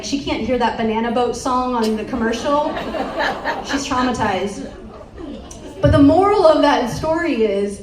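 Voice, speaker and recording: An animated young woman tells a story to a conference audience, laughing as she goes and restarting her sentences. Her voice sits fairly high and carries through an echoey hall, heard from a distance off the mic, with a faint murmur of room noise behind her. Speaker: motivational speaker. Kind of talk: storytelling speech to a live audience.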